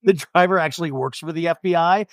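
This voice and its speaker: Talking fast in a slightly high voice, this young man runs a podcast where he jokingly recaps a TV episode. The studio-quality recording has no echo, and his animated delivery includes acted-out quotes.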